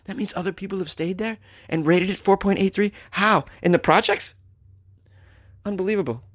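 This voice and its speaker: A man's voice: high-pitched, moderate pace, a bit bright, dry recording, studio quality. A man from Boston with a Boston accent, hosting comedic news commentary, sarcastic and laughing between jokes. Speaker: host.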